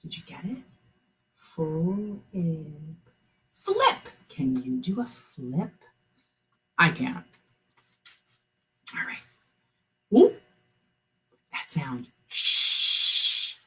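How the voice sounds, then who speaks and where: Breathy, animated kindergarten teacher woman. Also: sits low. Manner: encouraging, sounds words out slowly. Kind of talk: online class lesson.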